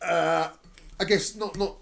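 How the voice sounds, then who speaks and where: A man talks as a guest on a casual podcast, his voice sitting fairly high for a man. He swears freely and stammers through restarts while pressing his point hard. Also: fairly even intonation, takes it slowly, creaky, a crowd in the background. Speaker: podcast guest, graffiti writer. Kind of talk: casual chat.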